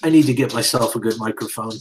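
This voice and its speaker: A man's voice: medium pitch, fast, a little hiss or hum, rough recording. A man hosting a casual livestream, easygoing, reading viewer comments aloud and laughing along. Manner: easygoing, laughs, reads out chat.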